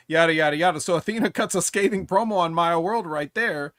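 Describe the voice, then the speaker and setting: A man's voice: fairly high pitch, fast talker, hardly any pauses, a bit bright, no echo, studio quality. A man co-hosting a casual wrestling podcast, blunt and opinionated, swearing freely as he recaps matches. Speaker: podcast co-host.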